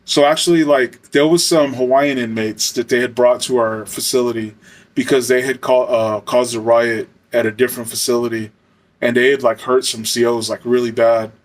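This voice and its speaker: A man's voice: medium pitch, fairly even intonation, normal speed. A man, a former corrections officer, telling a rambling prison story in a casual way, full of fillers and swearing. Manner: rambling, lots of filler words and profanity.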